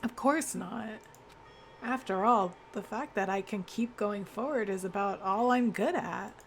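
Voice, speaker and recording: A woman's voice: mid-range voice, unhurried, vocal fry, a little hiss or hum. Woman reading as an earnest teenage boy. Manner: plain read-aloud delivery.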